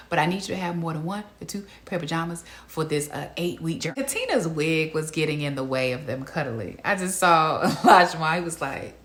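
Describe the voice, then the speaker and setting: A woman hosting a casual reality TV recap, talking to viewers in an animated, incredulous way and laughing often. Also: on the low side. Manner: laughs often mid-sentence. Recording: echoey room.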